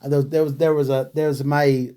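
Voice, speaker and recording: Male radio host, fairly high voice for a man, storyteller who restarts his sentences, casual talk-show delivery. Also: level tone, a little fast, warm tone, smooth. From New York City.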